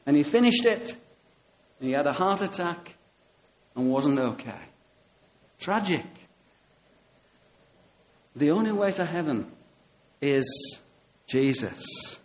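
A man's voice: a little high, a little slow, long pauses, low-quality recording. A man preaching a sermon, telling stories with quoted dialogue and repeating key phrases for emphasis. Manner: animated, storytelling with quoted dialogue.

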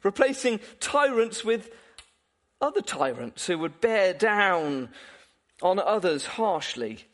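Lively high-voiced preacher man. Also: takes it slowly. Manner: questioning, animated, with repeated restarts and chuckles. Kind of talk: sermon.

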